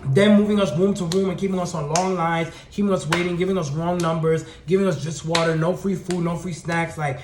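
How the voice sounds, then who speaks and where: Young guy, high voice, rattles off a sassy cussing storytime rant, echoey room. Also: brisk, few pauses, background noise. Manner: animated, profane, slangy and sassy. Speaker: storytime vlogger.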